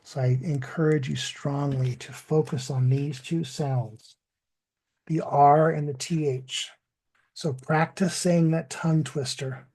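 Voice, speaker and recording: A male English teacher speaking at a very slow, deliberate pace, stretching out words so learners can copy them. His voice is gravelly and dark, a little husky, and pitched slightly above the usual for a man. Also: fairly even intonation. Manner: slow, deliberate, drawn-out model pronunciation. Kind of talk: online language lesson.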